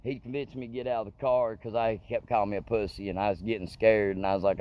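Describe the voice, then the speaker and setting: A man's voice: lowish voice, steady tone, fast talker, few pauses, muffled recording. A man telling a story in a rambling, profane, colloquial way. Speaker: comedic storyteller. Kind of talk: casual storytelling monologue.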